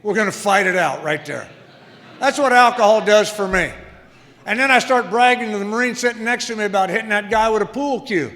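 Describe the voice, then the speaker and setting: A man's voice: high-pitched, fairly quick, sharp tone. A man in his sixties telling his own story at a recovery meeting in a wry, self-deprecating way. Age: 60s. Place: meeting hall. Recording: long reverb of a meeting hall.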